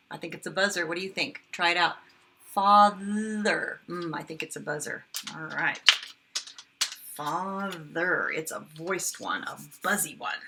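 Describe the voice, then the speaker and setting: A kindergarten teacher, a woman, sounding out words slowly and with exaggeration for young children in a phonics lesson. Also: on the low side, bright, forceful tone.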